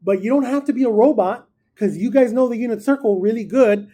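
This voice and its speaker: A man's voice: very high-pitched, a little fast, mellow. A man teaching a math class, casual and encouraging, talking through each step aloud. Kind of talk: classroom lecture.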